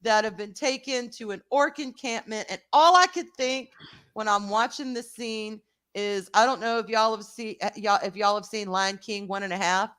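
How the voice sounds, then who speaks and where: A woman hosting a casual show review over a video call, animated and rambling with filler asides. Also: medium pitch, moderate pace. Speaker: host.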